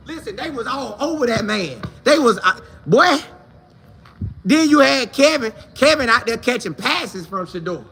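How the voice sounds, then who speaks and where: A man hosting a casual sports talk show, animated and playful, acting out quoted coaches and players in different voices. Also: very high-pitched, moderate pace, music in the background.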